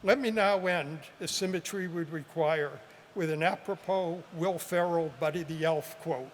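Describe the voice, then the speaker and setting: Older man with a high voice, speaking in a long echo. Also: a little hiss or hum. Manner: measured, earnest, with gentle humor. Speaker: professor giving a commencement address. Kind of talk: formal commencement speech.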